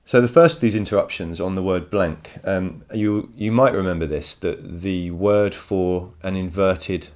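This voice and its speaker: A man with a very low voice talks through a poem for his students. He explains with enthusiasm and repeats words as he works out each point. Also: a little slow, few pauses, a little mellow. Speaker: teacher. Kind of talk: recorded poetry lesson. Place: home.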